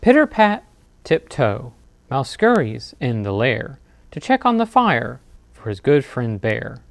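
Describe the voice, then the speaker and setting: A man reading picture books aloud as a librarian at a bedtime storytime, expressive with dramatic pauses. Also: medium pitch, gravelly, no room sound. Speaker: children's librarian.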